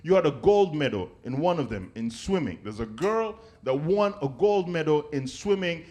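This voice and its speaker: A man performing a stand-up comedy set, animated and conversational, often checking in with the crowd. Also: fairly high pitch, normal speed. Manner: animated, conversational, keeps asking "right?" and "okay?".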